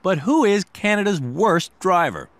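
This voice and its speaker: Lively male reality-show narrator. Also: high-pitched, measured pace, slight background noise. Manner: dramatic, lively delivery. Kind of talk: scripted reality-show voice-over. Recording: music bed behind.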